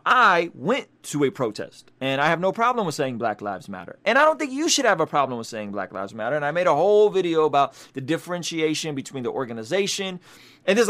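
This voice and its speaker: A man's voice: fairly high pitch, fairly bright tone. A young man giving casual video commentary as a Christian commentator, emphatic, repeating himself and often asking "right?".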